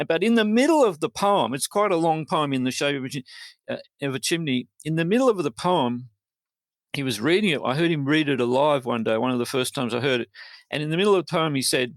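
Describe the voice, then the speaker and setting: An Australian man with a gravelly, creaky voice, talking in a halting and wry way as a poet guest. He starts and restarts his thoughts often, amused by his own stories. The sound is close and dry. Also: medium pitch, no echo. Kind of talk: casual interview chat.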